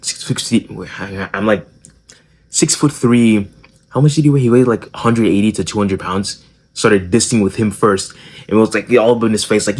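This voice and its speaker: A young man hosting a casual social skills video. He tells the story in a joking, profane way, with plenty of slang and self-corrections. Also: fairly low pitch.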